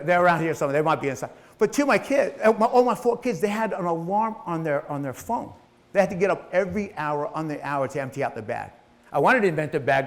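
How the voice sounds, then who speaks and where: A middle-aged man speaks on stage in a motivational talk, with a voice pitched a little above the usual. He is blunt and swears freely, and he acts out the lines of the people in his story.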